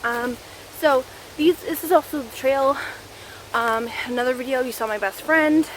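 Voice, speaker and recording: A woman's voice: sits high, normal speed. A Canadian woman vlogging casually on a walk through the woods, out of breath and rambling with lots of fillers. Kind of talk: casual vlog chat while hiking. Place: woods outdoors. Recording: faint outdoor background noise.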